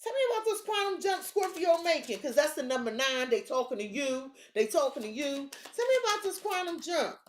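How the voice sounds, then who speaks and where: Woman, tarot reader, casual reading, hyped and blunt, profane, lively swinging pitch, echoey room. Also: a little fast, hardly any pauses.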